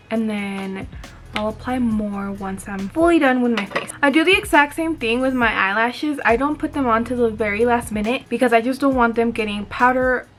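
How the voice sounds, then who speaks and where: Young woman, chatty code-switcher, bright high voice, light music bed. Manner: chatty, switching between English and Spanish mid-sentence. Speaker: beauty vlogger. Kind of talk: casual get-ready-with-me chat.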